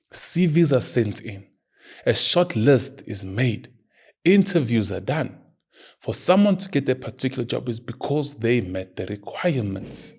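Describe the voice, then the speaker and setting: A man's voice: mid-range voice, creaky, a little mellow, husky. A man hosting his own show, giving earnest, emphatic opinion commentary and arguing his point. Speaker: podcast host.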